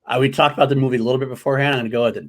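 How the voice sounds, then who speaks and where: A man's voice: mid-range voice, fairly even intonation, rapid-fire. A man co-hosting a podcast in casual chat, laughing often and rambling with fillers. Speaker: podcast co-host.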